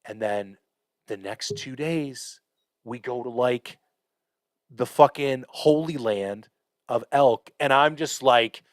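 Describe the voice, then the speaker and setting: A man hosting a podcast, telling a hunting story in a casual, profane, animated way with lots of fillers. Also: mid-range voice, takes it slowly, dry recording. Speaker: podcast host.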